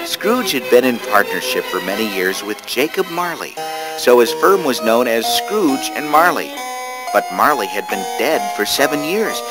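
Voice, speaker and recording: A man narrating a holiday radio drama with expressive storytelling. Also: mid-range voice, normal speed. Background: music.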